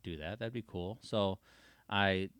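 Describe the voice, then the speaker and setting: A man's voice: low voice, unhurried, clear, resonant tone, no echo. A young man, a motocross race official, chatting as a podcast guest and acting out the voices of people in his stories. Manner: animated storyteller acting out quoted voices. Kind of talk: casual storytelling conversation.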